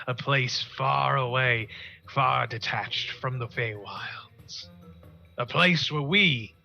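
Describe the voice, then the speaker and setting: A man voicing a grandiose male sorcerer acting as circus ringmaster, announcing in a booming, drawn-out showman style. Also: gravelly, pushed and bright, heavily acted. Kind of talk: tabletop role-play.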